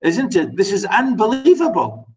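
A man teaching a literature class online, reading quotations aloud and questioning his students in an animated way. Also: high voice, moderate pace, low-quality recording. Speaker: literature lecturer.

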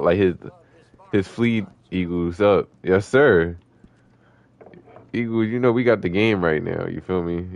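A man with a Philadelphia accent streaming an online game, loud, excitable and profane as he reacts to the action. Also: low-pitched, clear, resonant tone, no echo, muffled recording. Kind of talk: casual gameplay commentary.

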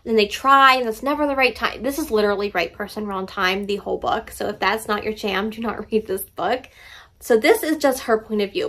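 A woman's voice: fairly high pitch, a bit bright. A woman talking casually to camera about her favorite books, emphatic and playful as she gushes. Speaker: book reviewer.

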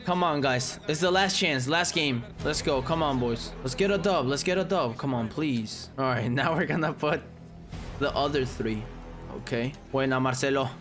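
A young man commentating his own live gameplay, cursing freely and swinging from low muttering to loud yelling. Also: normal speed, music in the background. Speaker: gaming streamer.

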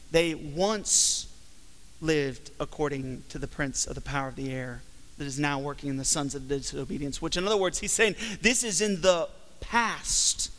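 Pastor guy preaching, kinda high voice, big echo of a church hall, leans hard on words. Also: a bit bright. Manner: emphatic preaching with slow, stretched phrases. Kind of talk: sermon. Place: church sanctuary. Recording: long hall reverb from a church.

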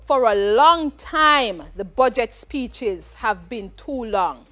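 A woman's voice: fairly high pitch, lively intonation, slow, pushed and bright, soft background music. A woman teacher giving a televised exam lesson, questioning and encouraging as she explains step by step.

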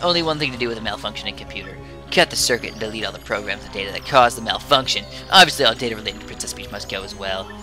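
Man voicing a bossy, sneering game villain, loud and clipped. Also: fairly low pitch, racing, few pauses, soft background music. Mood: scornful. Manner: barking, sneering orders. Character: scheming male villain commander, scornful and bossy.

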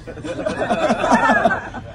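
A man's voice: drawn-out words, very noisy. A young man from Queens, New York, doing a loose, rambling stand-up set with crowd work and frequent laughs. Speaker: stand-up comedian. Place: small backyard show with a live crowd. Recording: live audience laughing behind.

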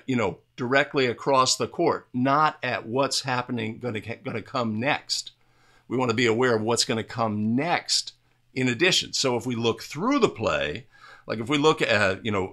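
Talking over game footage, this man, a basketball officiating instructor, uses a bright, forceful, medium-pitched voice. His explanations are plain and coach-like, with occasional restarts and fillers, and he repeatedly checks in with "right?" so the listener follows.

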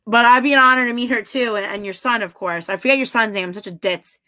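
A woman's voice: fairly high pitch, fast, sharp tone, dry recording, studio quality. A woman chatting casually on a livestream, giggling and flirting as she reads and answers her viewers' comments. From half Italian heritage. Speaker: livestreamer reading chat.

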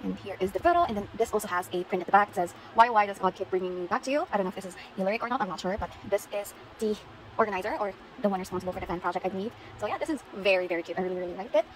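A woman's voice: mid-range voice, slight background noise, low-quality recording. A woman showing off her concert haul in a casual vlog, gushing and repeating herself. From Philippines. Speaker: vlogger.

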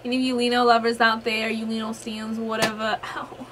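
A woman's voice: on the high side, little pitch movement, brisk. A woman hosting a fan reaction video, gushing and laughing often as she comments. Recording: audible background noise.

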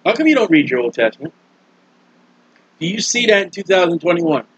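A man's voice: sing-song, a little fast, slightly rough, dry recording. Folksy scolding preacher man. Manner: folksy, scolding, acts out quoted voices. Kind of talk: sermon. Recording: dull, dry, low-fidelity recording.

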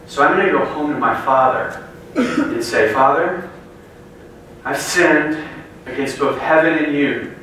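A man giving a sermon to a room of students, telling a joke story with lively character voices before turning to a Bible passage. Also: a little high, unhurried. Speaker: guest speaker. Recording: very echoey room from a distance, faint noise.

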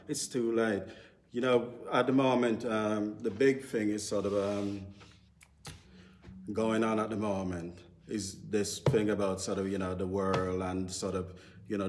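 A man's voice: lowish voice, a little mellow, slight background noise. A man giving an informal sermon in a church service, rambling and full of "sort of" and "you know". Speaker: church speaker.

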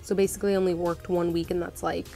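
A woman's voice: lowish voice, little pitch movement, fast, vocal fry, dark tone, faint music behind. A young woman vlogging in a casual storytime style, talking frankly with plenty of "like" and swearing. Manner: chatty, frank, lots of swearing and "like".

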